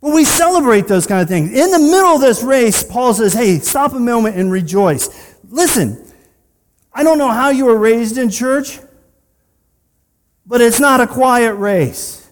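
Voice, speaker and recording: High-voiced man preaching in a reverberant hall. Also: lively intonation, a little slow. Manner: conversational, with personal asides and rhetorical questions. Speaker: pastor. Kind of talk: sermon. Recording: long reverb of a large hall.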